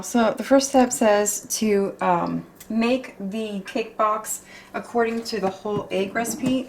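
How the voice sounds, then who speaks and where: A woman talks through a recipe in her kitchen, loose and chatty. She is exclamatory and drops swear words freely as she goes. Her voice sits in a middle pitch for a woman. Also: a little hiss or hum. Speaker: home baking vlogger. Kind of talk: casual cooking chat.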